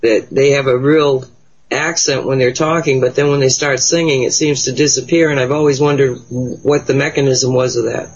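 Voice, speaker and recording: A man's voice: mid-range voice, steady tone, moderate pace, breathy edge, muffled recording. A man hosting a conversation, asking curious questions. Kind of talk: casual conversation.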